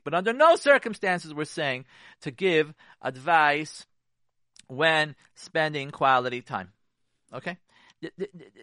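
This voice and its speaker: An emphatic male counselor on a radio show, his pitch leaping up and down as he drives home each point. His bright, forceful voice comes through dry and close. He repeats phrases and briefly acts out the spouses he talks about. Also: no echo. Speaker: marriage counselor. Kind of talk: radio advice talk.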